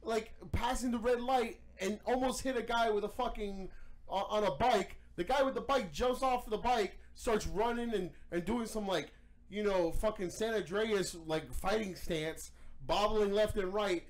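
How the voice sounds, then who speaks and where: A man hosting a podcast, telling a story in casual chat, animated and profane. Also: high-pitched, a little slow. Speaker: podcast host.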